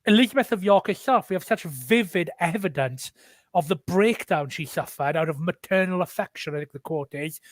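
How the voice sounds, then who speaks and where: Welsh male guest, high-pitched and dry-recorded, candid and rambling. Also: normal speed, dry recording. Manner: candid, many restarts and repeats. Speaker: guest author. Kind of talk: casual video chat.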